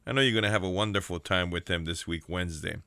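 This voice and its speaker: A fervent man preaching on a ministry radio show, with a low, bright, forceful voice. His delivery is full of hallelujahs and calls for amens. The recording is dry and close. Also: fast talker, dry recording. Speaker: prison ministry radio host.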